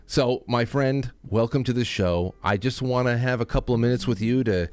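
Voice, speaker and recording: Smooth-voiced rambling male host. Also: mid-range voice, darkish tone, no room sound. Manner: rambling, halting, with many restarts. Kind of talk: casual chat.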